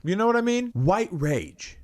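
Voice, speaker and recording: A man's voice: high voice, big pitch swings, unhurried. A man hosting a comedy podcast, delivering a sarcastic, mock-earnest monologue full of rambling asides and swearing. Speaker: podcast host.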